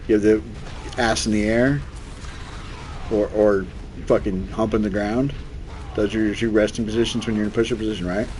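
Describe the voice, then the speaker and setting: A man's voice: on the low side, little pitch movement, moderate pace, pauses often, darkish tone, a little hiss or hum. A young man streaming a game, rambling through loose, profane stories in casual chat. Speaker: gaming streamer. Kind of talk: casual storytelling chat while gaming.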